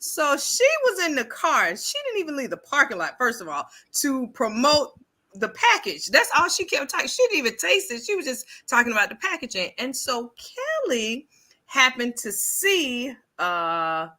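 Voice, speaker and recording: A woman's voice: sits high, normal speed. A woman chatting casually on a podcast, telling a story with lots of laughter and acting out the people in it. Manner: animated storyteller, acts out quotes, laughs often. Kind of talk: casual chat.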